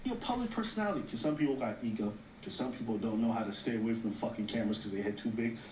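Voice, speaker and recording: A man's voice: medium pitch, animated, very fast, a little mellow. Man commenting in a roomy, distant room. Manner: explains at length, reads out quotes, swears casually. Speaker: co-host of a commentary show. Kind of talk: casual commentary on a news clip. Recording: roomy echo, heard from a distance, faint room noise.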